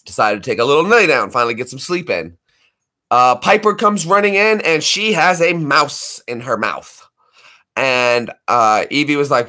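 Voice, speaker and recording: A man's voice: medium pitch, moderate pace. A man hosting a casual livestream, rambling and chatty. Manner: rambling, animated, does voices for pets. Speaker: livestream host. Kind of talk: casual chat.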